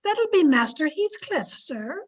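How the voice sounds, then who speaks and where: A woman's voice: very high voice, very animated, unhurried, heavily acted, poor audio. A woman playing a loyal, deferential housekeeper who narrates the story in an old-time radio drama. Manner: polite, deferential. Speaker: narrator and servant. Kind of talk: 1930s-style radio drama acting.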